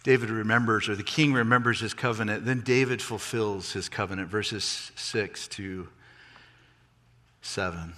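A man preaching a sermon, animated, rising and falling in pitch and volume for emphasis. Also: unhurried, long reverb tail. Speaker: pastor.

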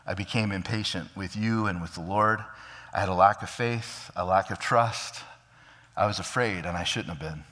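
A man's voice: low voice, sharp tone, long reverb tail, voice pushed down. A preacher playing King Saul, fretting. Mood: pleading, contrite. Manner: rapid excuses, stammering restarts. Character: ancient king of Israel, man, anxious, self-justifying.

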